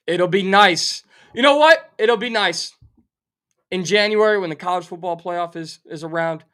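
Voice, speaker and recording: A middle-aged man rants on a sports betting show, animated and sarcastic, playing up his outrage. His voice sits high for a man and sounds sharp and forceful. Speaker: sports talk show host. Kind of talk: fired-up sports betting rant.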